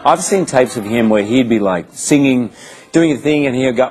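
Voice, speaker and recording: A man, telling animated stories in a casual interview with frequent restarts. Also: medium pitch, low-quality recording. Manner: animated storyteller, quick restarts. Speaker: interviewed actor.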